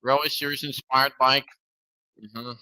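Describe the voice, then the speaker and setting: A man streaming and chatting casually in a rambling, halting way. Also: mid-range voice, level tone, sharp tone, smooth, no echo, poor audio.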